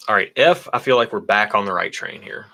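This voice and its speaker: A low-pitched man with a bright, forceful tone talks casually on a livestream. He keeps a laid-back, joking manner while reading viewer messages aloud. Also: expressive, brisk, gravelly. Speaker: whiskey channel co-host.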